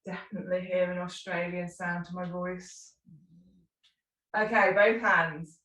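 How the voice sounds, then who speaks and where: A woman teaching a live tai chi class, calmly cueing slow movements with unhurried asides. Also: fairly low pitch. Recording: echoey room, mic at a distance.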